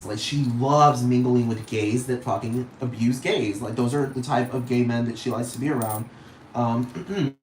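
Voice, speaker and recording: A man rambles through a loose, profane solo rant, circling back with "you know what I'm talking about" again and again. His voice sits at an ordinary pitch. It bounces off the surroundings with a roomy echo, and crickets and insects chirp clearly in the background of the outdoor night recording. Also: normal speed, slight background noise. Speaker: podcast host.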